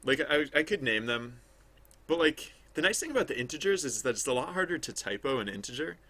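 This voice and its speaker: A man talks his way through his game project on a casual livestream, thinking out loud and circling back on himself. His voice has a gravelly fry with a bright, forward edge, at a middle pitch. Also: expressive, brisk. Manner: rambling, thinking aloud with many restarts. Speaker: game developer streaming his work. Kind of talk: casual livestream commentary while working.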